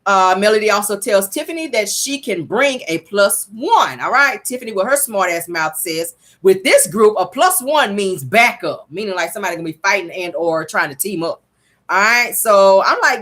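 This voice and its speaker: Sassy female host, gossipy recap delivery, very lively pitch. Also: normal speed. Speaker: reality show reviewer. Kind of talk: casual recap commentary.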